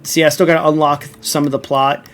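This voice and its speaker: A man's voice: fairly high pitch, flat delivery, fairly quick, a bit bright. A man streaming a video game, explaining it in casual, rambling commentary full of fillers and "right?" check-ins.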